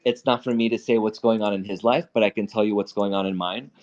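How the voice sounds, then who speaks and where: A man's voice: fairly low pitch, fairly even intonation, fast, darkish tone. A man hosting a casual live trading talk, blunt and profane, who often repeats and restarts his words. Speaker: stock trading host. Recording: dull lo-fi audio.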